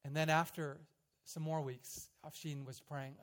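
A man preaching a sermon, telling a story dramatically, swelling loud and then dropping quiet. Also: fairly high pitch, little pitch movement, unhurried. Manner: dramatic storytelling, rising loud in quoted prayers and dropping soft. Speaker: pastor.

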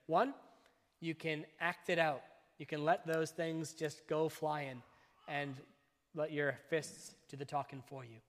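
Male pastor preaching in a reverberant hall. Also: a little high. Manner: measured, emphatic delivery with phrase-by-phrase pauses. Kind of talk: sermon. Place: church. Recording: long reverb of a church hall.

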